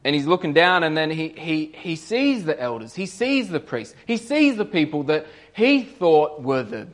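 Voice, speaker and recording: A young man giving a casual sermon, telling a story and acting out the voices of its characters, rising to loud emphatic peaks. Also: fairly high pitch, big pitch swings, moderate pace. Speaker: preacher.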